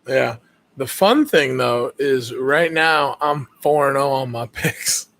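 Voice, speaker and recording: A man co-hosting a live fight reaction show, commenting calmly and dryly. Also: mid-range voice, creaky. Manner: calm, dry, measured commentary. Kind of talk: casual live reaction chat.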